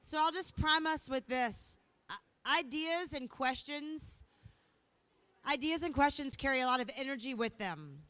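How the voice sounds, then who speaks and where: A woman's voice: high-pitched, a little slow. Bubbly woman emceeing a conference. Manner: bubbly and playful, lively delivery. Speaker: event emcee. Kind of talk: energetic stage hosting. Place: conference hall.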